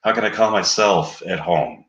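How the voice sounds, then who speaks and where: A man's voice: sits low, lively intonation, normal speed, a bit bright, roomy sound, lo-fi sound. A man voicing a baffled, indignant everyday guy, protesting in a raised, incredulous tone.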